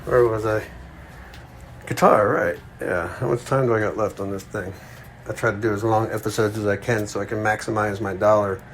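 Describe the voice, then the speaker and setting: A man's voice: fairly low pitch, fairly even intonation, moderate pace, slight background noise. A man hosting his own podcast, talking in a casual, wandering monologue full of jokes and asides. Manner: joking, wandering, self-mocking. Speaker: podcast host.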